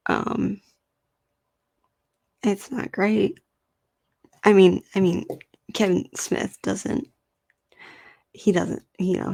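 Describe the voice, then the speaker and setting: A woman hosting a casual solo podcast, animated and swearing freely as she rambles through film rankings. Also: lowish voice, creaky, no room sound. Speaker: podcast host.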